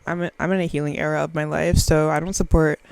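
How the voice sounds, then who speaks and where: A woman's voice: low voice, little pitch movement, fast talker, vocal fry, darkish tone, low-quality recording. Rambling woman in her twenties. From Southern US. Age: 20s. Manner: rambling, profane, self-mocking. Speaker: podcast host. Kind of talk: casual solo podcast chat. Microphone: very close to the microphone.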